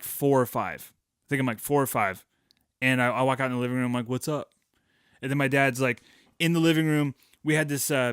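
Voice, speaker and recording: A man's voice: medium pitch, fairly bright tone, clean tone, no room sound, clean studio sound. A man hosting a podcast, telling a rambling, profane childhood story with self-mocking jokes. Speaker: podcast host.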